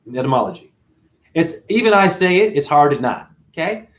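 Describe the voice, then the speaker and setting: Animated, preachy man in an echoey room. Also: on the high side, a little fast. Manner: animated, preachy, swings between loud outbursts and muttering. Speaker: livestream host talking to his chat. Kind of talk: casual livestream monologue.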